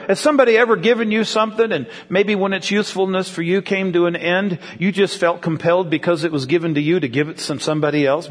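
Man, high voice, preaching a chatty sermon and questioning the congregation, long church-hall reverb. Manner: conversational, asks the congregation questions. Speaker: pastor.

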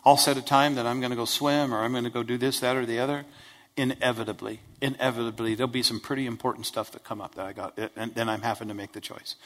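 A man preaching a conversational sermon as a pastor, plain-spoken and folksy, who keeps checking in with his listeners. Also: mid-range voice. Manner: keeps checking in with listeners with "right?", "okay?" and "Amen?". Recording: long hall reverb.

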